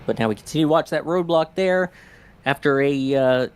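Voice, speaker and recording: A man's voice: a little high, a little hiss or hum. A man with a North Jersey accent co-hosting a livestream, chatting casually and joking with his co-hosts. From New Jersey, born in New York. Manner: joking, teasing, quick to laugh. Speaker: livestream co-host.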